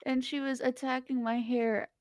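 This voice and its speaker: A woman's voice: sits high, level tone, moderate pace, a little mellow, no room sound. A young woman player chatting casually, giggling and teasing while talking to her cat. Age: young adult. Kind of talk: casual chat.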